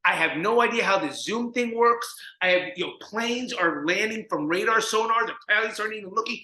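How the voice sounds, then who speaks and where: A man's voice: high voice, fairly quick. A man from New Jersey telling stories as a guest in an interview, acting out the people he quotes. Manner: animated, acts out the people in his stories. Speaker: guest, recovery mentor. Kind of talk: storytelling in an interview. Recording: echoey room.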